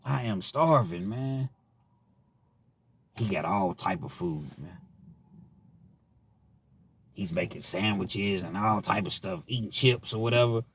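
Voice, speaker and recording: Kentucky man, slangy storyteller, lowish voice, unhurried asides. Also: lively intonation, a little hiss or hum. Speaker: vlogger telling prison stories. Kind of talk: casual storytelling.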